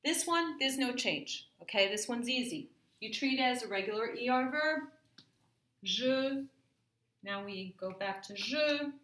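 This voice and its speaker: A woman's voice: on the high side, lively intonation, measured pace, fairly bright tone. A woman teaching a French grammar lesson to her class, patiently checking in with "okay?" as she goes. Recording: echoey room.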